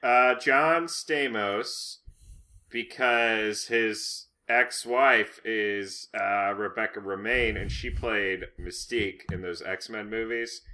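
A young man co-hosting a podcast with deadpan humor, often pausing on "uh". He speaks slowly, and his voice is very bright and sharp. The overall pitch is average. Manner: deadpan, hesitant with fillers. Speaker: podcast co-host. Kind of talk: casual comedic chat.

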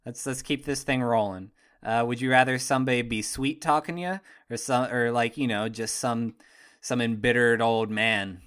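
A man co-hosting a casual podcast chat, tossing out jokey, deadpan asides. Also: medium pitch, normal speed, clear, resonant tone. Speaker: podcast co-host.

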